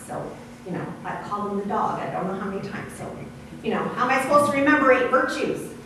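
A woman pastor giving a sermon in a measured, explaining way with light asides, in a church sanctuary. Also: medium pitch, background noise. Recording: echoey hall from far off.

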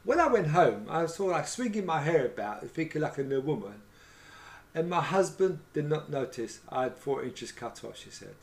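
Middle-aged guy rambling through old salon stories, keeps saying right and you know what i mean, voice sits a bit high. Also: big pitch swings, moderate pace. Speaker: former hairdresser telling stories. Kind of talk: casual chat, anecdotes.

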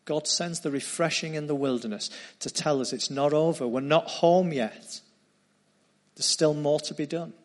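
A man preaching a sermon, retelling a story earnestly and dropping into quieter tones. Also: on the high side, normal speed.

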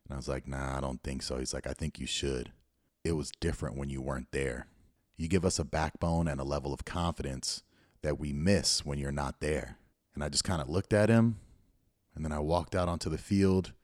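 Deep-voiced earnest man host. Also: moderate pace, dry recording, studio quality. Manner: earnest, storytelling, encouraging. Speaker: podcast host and youth football coach. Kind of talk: motivational podcast monologue.

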